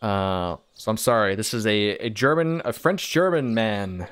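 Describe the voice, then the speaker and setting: A man's voice: on the low side, a little slow, fairly bright tone, clean tone. A man hosting a let's-play, chatting casually and reading game text aloud. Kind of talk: casual gameplay commentary. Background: game music.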